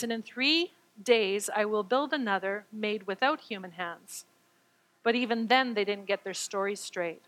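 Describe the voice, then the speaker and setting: A woman preaching a sermon, moving between reading scripture and explaining it in her own words. Her voice sits fairly high and sounds bright and forward. She acts out the quoted lines and sometimes stammers as she gets excited. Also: low-quality recording.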